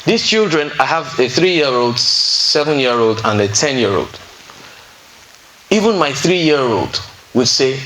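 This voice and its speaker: Guy giving a relationship talk to a room of people, average pitch, chatty, keeps asking if they get it, light hiss behind. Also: sing-song, unhurried, sharp tone, rough recording. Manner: conversational, keeps checking in with the listeners; tells stories from counseling sessions. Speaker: relationship speaker at a singles fellowship. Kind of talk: teaching talk to a live audience. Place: room with a seated audience.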